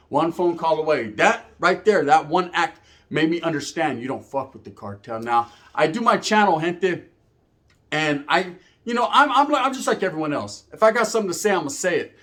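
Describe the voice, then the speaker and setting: A man's voice: on the high side, fairly bright tone. A young man telling a personal story to camera in streetwise slang, full of profanity and "right?" tags. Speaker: YouTube storyteller.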